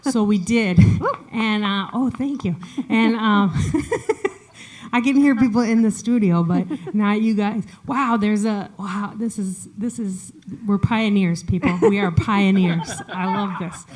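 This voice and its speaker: A woman's voice: mid-range voice, slow, a little mellow. A woman doing a stand-up set, chatty and self-deprecating, with lots of fillers and restarts. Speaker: stand-up comedian. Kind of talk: stand-up set performed remotely. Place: studio, audience not audible.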